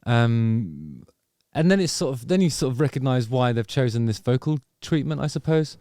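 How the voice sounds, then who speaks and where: A man's voice: mid-range voice, expressive, normal speed, dark tone, dry recording, studio quality. Rambling, musing male video host. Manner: rambling, musing, trails off with self-corrections. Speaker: host reviewing a music video. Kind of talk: casual reaction commentary. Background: faint music from the video under review.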